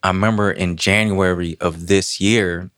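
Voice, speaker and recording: A young man in his twenties telling his own story with lively, self-mocking humor and casual slang. His voice sits very low, and the recording is dry and close. He talks inside a prison. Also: moderate pace, no echo. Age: 20s. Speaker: storyteller guest. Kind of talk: conversational personal storytelling.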